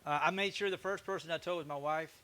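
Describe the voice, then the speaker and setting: A man's voice: on the high side, steady tone, quick pace, sharp tone. A middle-aged man chatting casually on a live stream while working in his wood shop, joking and thanking viewers. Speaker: woodworking streamer.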